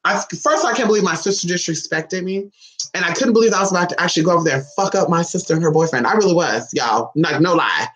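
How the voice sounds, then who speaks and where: A woman vlogger telling a story in a sassy, profane, animated way, calling her viewers honey and girl. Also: fast talker, echoey room, rough recording. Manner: dramatic swoops in pitch. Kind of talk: casual storytime monologue.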